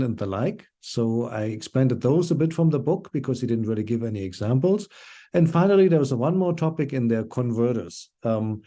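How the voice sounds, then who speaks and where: A man teaching an online language class, explaining at an easy pace with frequent ums and uhs. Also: mid-range voice. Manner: relaxed explaining with many fillers.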